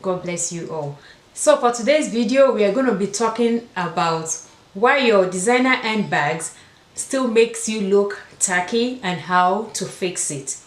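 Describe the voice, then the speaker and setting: A fashion vlogger with an African accent talks casually to camera, repeating words for emphasis. Her medium-pitched voice is animated yet measured in pace, with a roomy sound.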